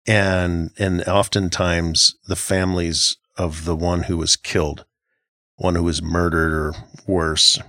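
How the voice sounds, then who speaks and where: A man's voice: low-pitched, level tone, slow, pushed and bright, dry recording, studio quality. A middle-aged man co-hosting a casual Christian podcast, talking in an earnest, reflective way with frequent halts and restarts. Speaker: podcast co-host.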